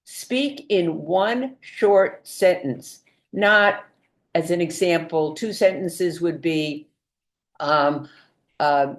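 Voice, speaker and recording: A woman's voice: on the low side, takes it slowly. A woman training home health aides in dementia care, explaining patiently with many examples and frequent ums. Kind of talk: instructional training talk.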